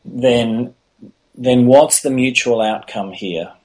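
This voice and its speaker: A man's voice: mid-range voice, slow, darkish tone. A man talking earnestly as a guest in an interview, with frequent restarts. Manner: earnest, many restarts and "you know". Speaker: podcast guest. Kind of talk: casual interview talk.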